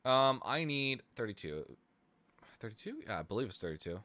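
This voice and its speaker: Lively bright-voiced man thinking aloud. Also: mid-range voice, moderate pace. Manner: thinks aloud, hesitant restarts, sudden excited outbursts. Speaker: streamer making music. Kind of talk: casual live-stream chat while producing music.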